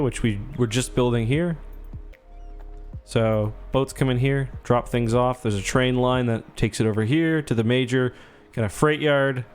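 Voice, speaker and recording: A man's voice: mid-range voice, clean tone. Young male streamer, rambling casual chat over faint music. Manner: chatty, rambling, thanks viewers. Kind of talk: casual gameplay livestream.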